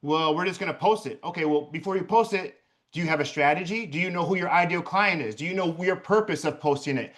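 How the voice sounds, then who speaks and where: A blunt, emphatic man talking about his work as a videographer. His voice sits on the high side for a man, and he swears freely to drive his points home. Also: fast talker, fairly bright tone. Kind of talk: casual chat.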